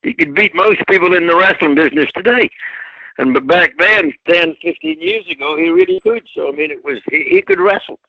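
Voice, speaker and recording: A man's voice: high voice, very animated, brisk, creaky, no room sound, highs cut off. An older man from Scotland, a retired wrestler guest, telling colloquial stories in an interview and acting out the people he quotes. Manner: colloquial, anecdotal, acts out quotes. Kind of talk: storytelling interview.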